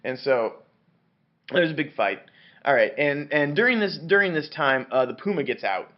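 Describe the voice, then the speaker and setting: A man's voice: fairly high pitch, expressive, moderate pace, highs cut off. Tipsy man rambling through a book review. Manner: rambling, profane, many restarts and fillers. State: drunk on wine.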